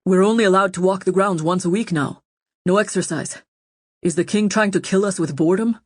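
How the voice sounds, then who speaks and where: A woman voices an anxious young male prisoner pleading urgently, his tone a little feverish. She speaks at a moderate pace in a natural, mid-range voice pitched above her own. The studio sound is clean, with no room sound.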